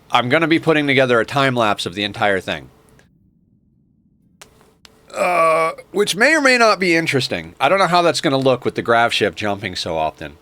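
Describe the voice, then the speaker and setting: Low-voiced man rambling over gameplay. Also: fairly bright tone. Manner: rambling, enthusiastic, lots of fillers. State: groggy morning voice. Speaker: streamer. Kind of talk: casual gameplay commentary.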